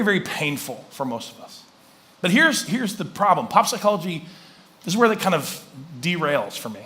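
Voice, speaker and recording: A man preaching a conversational sermon as a church pastor, acting out little scenes of dialogue to make his points. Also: fairly high pitch. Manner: conversational, animated, acts out dialogue. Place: church sanctuary.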